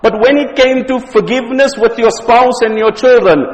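A man's voice: very high-pitched, normal speed, big-room sound, poor audio. A South African man giving a religious lecture, telling stories and jokes and often repeating words as he goes. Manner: anecdotal, joking, with repeated words. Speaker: Islamic preacher.

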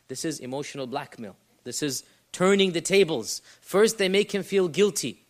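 High-voiced man teaching a Quran lesson. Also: moderate pace, hardly any pauses. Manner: animated, explaining, rhetorical questions. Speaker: Islamic teacher.

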